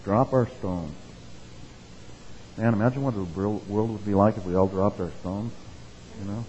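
A pastor with a lowish, slightly mellow voice preaches at a normal speed in a casual, conversational style, with faint hiss or hum in the background. He reads quotations with mounting emphasis and checks in with listeners using tags like "okay" and "right." The recording sounds dull and echoey, like a hall.

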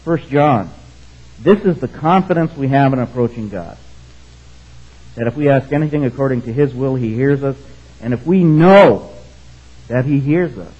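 Man, preacher, husky voice, dull muffled recording, conversational sermon. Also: medium pitch, dark tone. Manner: conversational, keeps checking in with the congregation. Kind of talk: sermon with scripture reading.

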